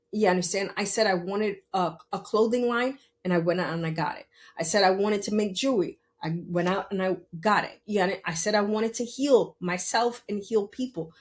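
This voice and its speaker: A middle-aged woman hosting a podcast, talking earnestly and tearfully about parenting, often repeating herself and asking "you understand?". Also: mid-range voice. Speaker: podcast host. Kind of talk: emotional personal monologue.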